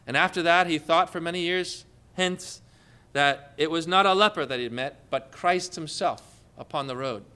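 A man's voice: fairly high pitch, moderate pace, pushed and bright, smooth. A man preaching a sermon, telling stories and rising into emphatic questions.

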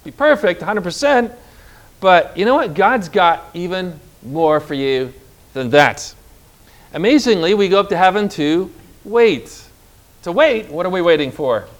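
A man's voice: high-pitched, expressive, measured pace. A man preaching a sermon with emphatic delivery, stretching out key words and calling on the congregation to repeat phrases.

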